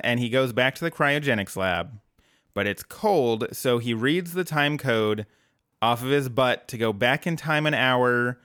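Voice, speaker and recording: A man's voice: medium pitch, unhurried, sharp tone, clean tone, dry recording. A man co-hosting a podcast, recapping an episode in casual chat with dry jokes. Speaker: podcast co-host.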